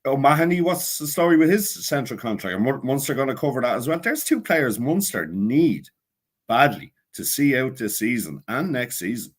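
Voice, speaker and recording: A man's voice: medium pitch, normal speed, slightly rough. Brief: Dublin man, podcast guest, opinionated, voice swings up and down a lot. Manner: animated, opinionated. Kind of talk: casual podcast chat.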